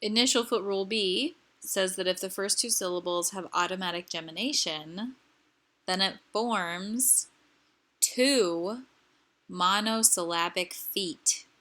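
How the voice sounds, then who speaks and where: A woman's voice: mid-range voice, takes it slowly, pushed and bright. A woman teaching grammar rules, explaining patiently and repeating each example word.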